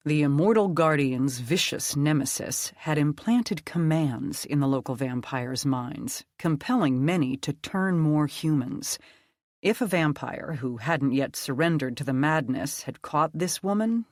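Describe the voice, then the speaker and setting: Audiobook narrator, steady measured read, mid pitch, very dry mic. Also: no echo. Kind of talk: dark fantasy audiobook narration.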